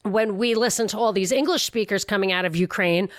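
A woman hosting a podcast, chatting casually and retelling a story with lively quotes. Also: medium pitch, a little fast, no room sound. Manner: animated retelling, quoting others, frequent laughs. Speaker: podcast host. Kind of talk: casual commentary chat.

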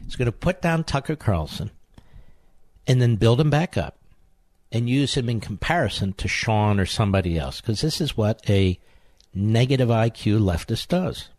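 Man, talk radio host, sarcastic, combative, swooping pitch, dry close sound. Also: sing-song, dry recording. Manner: mocking, sarcastic, rapid insults.

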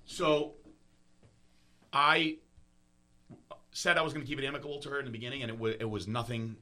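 Bright-voiced man, earnest podcast host. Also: medium pitch. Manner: earnest, halting, openly emotional, swears casually. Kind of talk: candid podcast chat.

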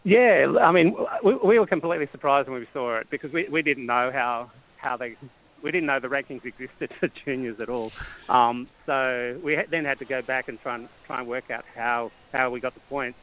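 A middle-aged Australian man chats as an interview guest, hesitating and restarting his sentences with plenty of fillers. His voice sits in a middling pitch. The line is dull and a bit lo-fi. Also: normal speed. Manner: hesitant, many fillers and restarts, chuckles often. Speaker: cycling coach and parent guest. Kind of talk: casual interview chat.

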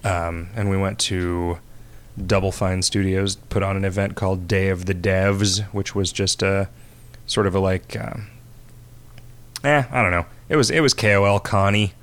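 Man, very deep voice, casual podcast chat, rambling, laughs a lot. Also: steady tone, moderate pace, fairly bright tone. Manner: rambling, laughs often, crude jokes. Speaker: podcast co-host.

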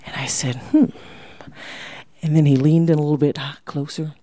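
Woman storyteller, live venue, animated delivery with whispered asides, dry sound. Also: deep voice, moderate pace, dry recording. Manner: animated, drops to whispers for effect.

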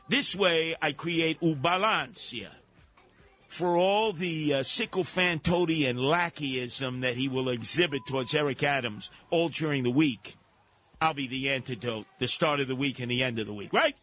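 A man hosting a radio talk show, delivering a sarcastic, animated monologue. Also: fairly high pitch, moderate pace. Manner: sarcastic, animated, mocking put-on voices.

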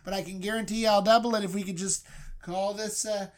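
A man voicing a panicky, cowardly male wrestler who pleads in a high, whiny voice. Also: fairly even intonation, a little fast, close to an everyday voice. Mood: pleading.

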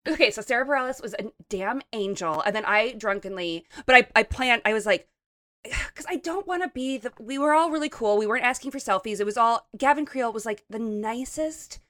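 A chatty woman in her thirties tells stories in a breathless, gushing rush, filling every gap with "like." Her voice is bright and forward but a little hoarse, worn from a late night out. The sound is dry and close, with no room around it. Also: on the high side, a little fast, dry recording. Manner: bubbly, gushing storyteller with lots of "like". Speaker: podcast co-host. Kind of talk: casual chat.

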